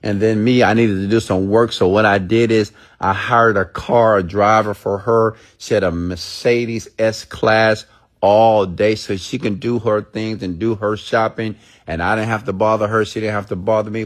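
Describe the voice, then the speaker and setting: A man giving an emphatic, preachy motivational monologue to his audience. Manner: preachy, emphatic, mimics listeners in high voices. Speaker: motivational speaker.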